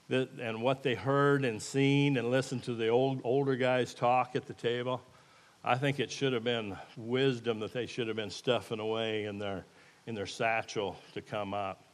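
In an echoey hall with a long reverb, a lay preacher speaks at a measured pace in a steady, medium-pitched voice. His sermon is informal and plain-spoken, earnest and folksy, and includes a live demonstration.

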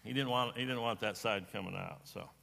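A man's voice: fairly low pitch, a little fast, gravelly, a bit bright. A middle-aged man preaching a sermon, telling a family story in a folksy way and often repeating words. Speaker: pastor. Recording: long hall reverb.

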